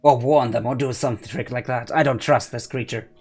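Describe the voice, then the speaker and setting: A man's voice: medium pitch, fairly even intonation, moderate pace, darkish tone, breathy edge, faint music behind. A man playing his character in a tabletop game, talking in a firm, insistent way. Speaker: player. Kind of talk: casual tabletop role-play. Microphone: headset over voice call.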